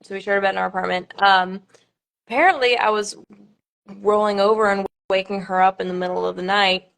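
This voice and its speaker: Young woman, twenties, pageant contestant, casual livestream chat, halting, filler-heavy, nervous laughs. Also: mid-range voice, steady tone, vocal fry, a bit bright.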